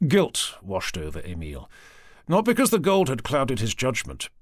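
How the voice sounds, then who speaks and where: This is a man's mid-range voice narrating an audiobook from a script, steady and expressive in storytelling style. Recorded in a studio on a close mic, the sound is dry and clean.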